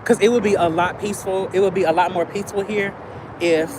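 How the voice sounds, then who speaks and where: A trans woman who lives in her car, chatting in slangy storytelling on a phone livestream while she walks outdoors in a field near a highway. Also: steady tone, fast. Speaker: vlogger living in a car. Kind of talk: casual livestream chat. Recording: loud outdoor traffic noise. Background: highway traffic.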